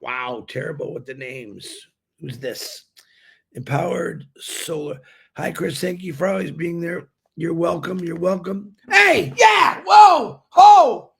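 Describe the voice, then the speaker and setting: A man's voice: a little high, steady tone, a little slow, vocal fry, husky. A man hosting a daily live stream, greeting viewers by name and chatting in an upbeat, rambling way.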